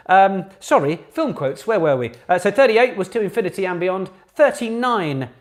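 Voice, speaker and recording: An animated man with a fairly high voice runs a live online pub quiz for a charity fundraiser. He chats warmly with his players and bursts into sung lines when reading the answers out. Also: moderate pace, hardly any pauses. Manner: chatty, animated, sings out quote answers.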